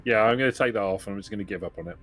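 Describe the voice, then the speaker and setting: A player in a tabletop role-playing game, playful and joking, quick to laugh. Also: deep voice, a bit bright. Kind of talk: casual tabletop role-play.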